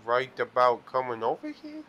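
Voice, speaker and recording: A man's voice: mid-range voice, wildly swooping pitch, moderate pace, fairly bright tone, muffled recording, a little hiss or hum. A man playing slot machines in a casino and giving playful commentary that drifts into rambling, absurd stories. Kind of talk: casual joking commentary.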